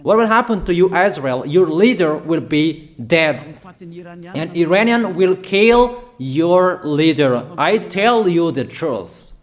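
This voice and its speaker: A male preacher giving a prophetic sermon, declaring slowly and emphatically, pausing often with fillers. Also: fairly high pitch, lively intonation.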